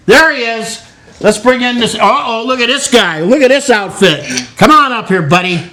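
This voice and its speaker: An older man with a notably high voice hosts a relaxed home cooking show. He coaxes and cheers on children as they work, in a playful, encouraging way. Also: normal speed. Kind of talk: casual cooking demonstration with kids.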